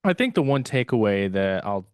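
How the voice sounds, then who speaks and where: Man, smooth lowish voice, dry close mic, rambling casual podcast chat. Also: very animated, moderate pace, dry recording. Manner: rambling, hesitant, laughs often, filler words. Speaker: podcast co-host.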